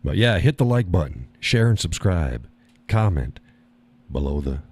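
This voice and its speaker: A man's voice: deep voice, very animated, a little slow, a little mellow, breathy edge, no room sound. A man hosting a live stream, chatting casually and reading the chat, folksy and easygoing, often repeating his own phrases.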